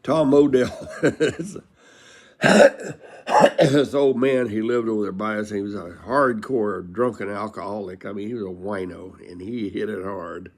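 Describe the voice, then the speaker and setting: A man's voice: fairly low pitch, measured pace. An older man telling folksy stories from his life in a casual, rambling way, laughing as he goes. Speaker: storyteller. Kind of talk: casual storytelling.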